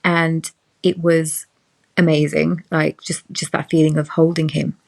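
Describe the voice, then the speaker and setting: A young woman recounts a personal story in relaxed podcast chat, her voice sitting a touch low. She acts out the people she quotes, shifting her tone for each, and keeps an easy conversational flow. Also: measured pace, vocal fry. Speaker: podcast guest. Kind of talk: casual chat.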